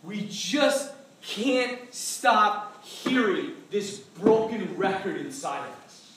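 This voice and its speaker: A man preaching a sermon as pastor, animated and joking as he acts out voices. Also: high voice, slow pace, background noise. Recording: echoey hall from far off.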